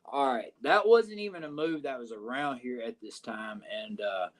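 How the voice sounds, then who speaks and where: A podcast interview features a Southern wrestler relating a locker-room anecdote at normal speed and medium pitch. He curses a lot and meanders, often saying "uh" and "you know what I'm saying."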